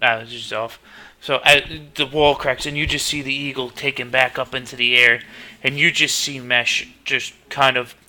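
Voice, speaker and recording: A man's voice: mid-range voice, level tone, moderate pace, bright, forceful tone. A man narrating as game master in a tabletop game, telling the scene in a loose, swearing way.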